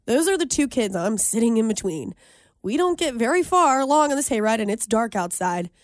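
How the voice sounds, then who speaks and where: A young woman co-hosting a radio show, telling a story in an animated way and laughing often. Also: fairly high pitch, fairly quick, no echo, clean studio sound. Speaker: radio co-host. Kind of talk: casual radio chat.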